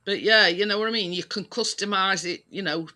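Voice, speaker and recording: British man, casual chat, high bright voice, slow, rambling with restarts. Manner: rambling, many restarts and fillers, laughs easily.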